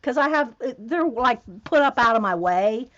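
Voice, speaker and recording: Chatty excitable woman crafting on camera. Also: on the high side, normal speed, muffled recording. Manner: chatty, excitable, talks to viewers while working. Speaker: craft video host. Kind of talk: casual crafting vlog chat.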